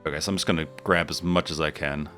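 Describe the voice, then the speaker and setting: A man's voice: very deep voice, steady tone, fast, fairly bright tone, faint music behind. A man giving casual, wry commentary while playing a game, chatting to himself. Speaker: gameplay streamer.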